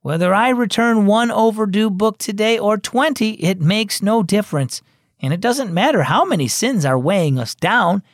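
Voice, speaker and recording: An earnest, cheerful young boy with a bright, raised voice that rises and falls a lot, as a male storyteller puts him on. Dry, close sound with soft music beneath, a storybook radio reading. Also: high voice, lively intonation, normal speed, no echo, pitched above the performer's own voice.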